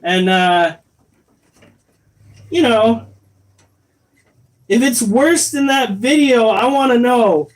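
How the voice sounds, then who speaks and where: Casual profane streamer, slow drawn-out delivery, rambles and reacts to chat. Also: medium pitch, expressive. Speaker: livestreamer reading chat.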